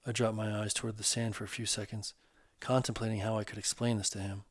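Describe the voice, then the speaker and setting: A man narrating his own first-person novel in a steady, measured way. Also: on the low side, dry recording, clean studio sound. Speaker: author and narrator.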